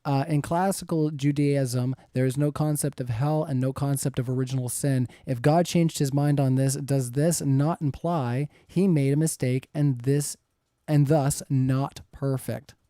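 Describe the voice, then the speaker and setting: A man's voice: mid-range voice, fairly even intonation, measured pace, warm tone, no echo, studio quality. A man in his thirties moderating a live-streamed debate, reading viewer questions in an easygoing, rambling way. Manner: easygoing, rambling, chuckles often.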